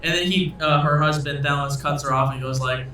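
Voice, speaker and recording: A man's voice: a little high, fairly even intonation, fast talker, sharp tone, a little hiss or hum. Rambling man narrating a tabletop game. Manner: rambling, many uhs and likes, laughing. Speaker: game master. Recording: echoey room, far from mic.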